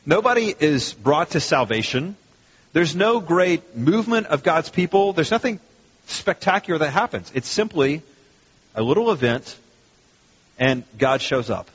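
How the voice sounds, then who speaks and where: A man with a slightly raised pitch preaches to his congregation, leaning on key words and restarting phrases as he goes. His voice is a little husky. It carries with a long hall reverb on a muffled recording. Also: very animated, unhurried. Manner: conversational, emphatic preaching with restarts. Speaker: pastor. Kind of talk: sermon.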